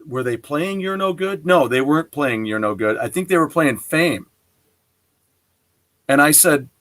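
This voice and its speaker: Lively storytelling male show host. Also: a little high. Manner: lively storyteller who acts out quoted dialogue. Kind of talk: casual chat, telling an anecdote.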